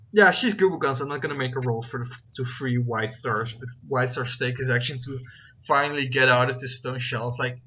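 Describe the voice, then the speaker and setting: Over a dull, lo-fi voice chat with faint noise, a man runs a tabletop game as narrator. His mid-range voice is pushed and bright, and he rambles with many fillers while checking rules out loud.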